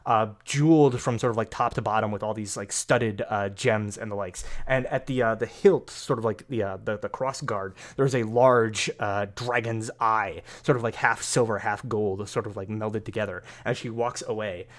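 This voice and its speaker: A man's voice: lowish voice, steady tone, moderate pace, hardly any pauses. A man narrating a tabletop game as game master, rambling with many fillers. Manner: rambling, full of fillers and hedges.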